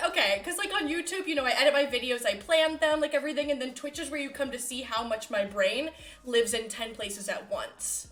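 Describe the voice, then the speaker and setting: A woman's voice: fairly high pitch, normal speed, fairly bright tone. A woman streaming live, chatting casually in a bubbly, giggly, easily distracted way. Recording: roomy echo with faint music.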